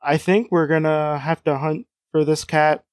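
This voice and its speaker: A man's voice: on the high side, steady tone, normal speed, no room sound. A man hosting a podcast, reading out a choose-your-own-adventure story and chatting casually with laughs between passages. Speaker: host and gamebook reader.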